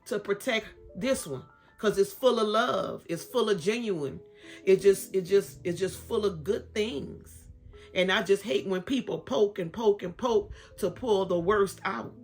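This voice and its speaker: A woman's voice: medium pitch, a bit bright. A woman in her fifties with a Southern US accent, talking straight to camera about faith and repeating her phrases for emphasis. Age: 50s. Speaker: vlogger. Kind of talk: casual faith talk to camera.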